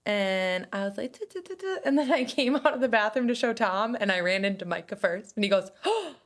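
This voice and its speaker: A woman's voice: medium pitch, a little fast. A middle-aged woman co-hosting a podcast, telling stories in casual chat and laughing often as she acts out quoted voices. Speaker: podcast co-host.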